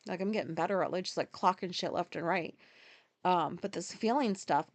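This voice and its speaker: A woman's voice: on the low side, a little fast, dry recording. A woman hosting a podcast, talking through her day in a rambling, casual monologue full of fillers and swearing. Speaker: podcast host.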